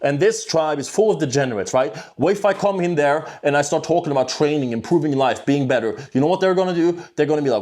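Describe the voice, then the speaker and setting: Blunt, emphatic man, slightly high voice. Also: fairly quick, hardly any pauses, darkish tone. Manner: blunt, emphatic, swears, keeps asking "right?". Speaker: self-improvement video host. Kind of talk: unscripted motivational monologue.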